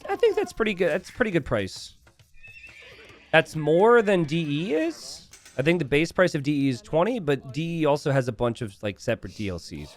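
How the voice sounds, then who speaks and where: Male game caster, slightly high voice, very animated delivery, chatty and excitable. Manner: excitable, bursts into shouts and laughter at big plays; chatty, relaxed asides with fillers. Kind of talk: casual strategy game commentary.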